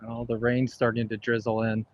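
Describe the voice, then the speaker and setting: A man answers his co-host plainly and drily during a live golf stream on the course. His pitch is middling. The sound is a bit dull and lo-fi. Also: completely flat delivery, moderate pace. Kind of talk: casual live-stream chat.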